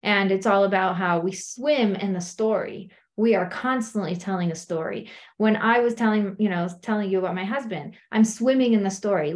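A middle-aged woman speaking as a coach in a conversational teaching talk, often acting out what people say. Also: fairly quick. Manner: conversational, acts out quotes in high animated voices.

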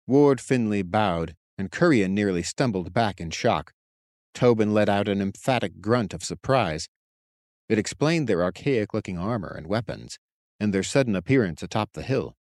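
A man narrating a fantasy story in a steady, even way. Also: lowish voice, normal speed, dry recording, clean studio sound. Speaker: audiobook narrator. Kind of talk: scripted narration.

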